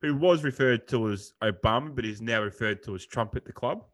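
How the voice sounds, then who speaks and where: A man's voice: mid-range voice, brisk, fairly bright tone. Blokey Australian man rambling on a podcast. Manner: rambling, blokey, swears casually. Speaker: podcast co-host. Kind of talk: casual chat.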